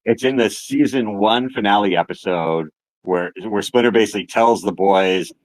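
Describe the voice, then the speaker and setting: A man's voice: fairly low pitch, normal speed, dry recording. A man talking casually about writing for animation, with many ums and restarts. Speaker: animation writer. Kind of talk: casual interview chat.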